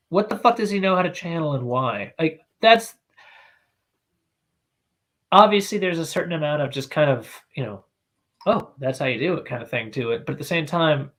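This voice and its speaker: A man with a somewhat high voice co-hosting a casual podcast. He rambles loosely, drops crude jokes and swears freely. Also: fairly bright tone. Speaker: podcast co-host.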